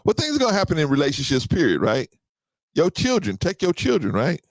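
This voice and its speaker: A man's voice: fairly high pitch, wildly swooping pitch, fairly quick, no room sound. A man of about fifty hosting a casual podcast, talking straight to his listeners, repeating himself and often asking "right?". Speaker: podcast host.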